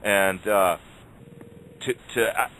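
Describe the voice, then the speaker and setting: Low male voice, halting talk-radio regular, faint noise behind. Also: a bit bright, low-quality recording. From Canada. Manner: rambling, halting with many restarts. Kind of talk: casual chat.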